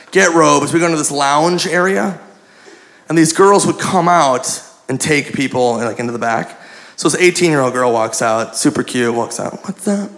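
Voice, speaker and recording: A man telling a crude, self-mocking story as a stand-up comedian, animated and loose, recorded live in a comedy club. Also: fairly high pitch, gravelly.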